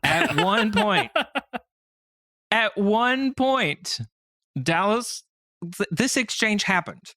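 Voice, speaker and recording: An animated man hosts a podcast, telling stories with a lively, bouncing pitch and a bright voice. He laughs often, and the sound is dry and close. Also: drawn-out words, no room sound. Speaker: podcast host. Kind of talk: casual chat.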